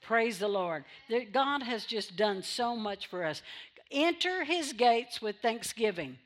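A woman's voice: a little high, animated, slow. A woman pastor preaching a sermon in church, repeating phrases for emphasis and drawing amens from the congregation.

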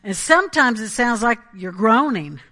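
A woman preaching a Pentecostal sermon with a bright, tense edge to her voice. She speaks in a fairly high register, pressing hard on key phrases and checking in with her congregation. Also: very animated, moderate pace.

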